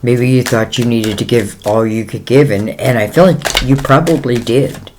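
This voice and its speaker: A man's voice: medium pitch, normal speed, background noise. A man giving a casual tarot reading, talking in a rambling, conversational way with many fillers and speaking straight to the listener in a reassuring tone. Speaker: tarot reader.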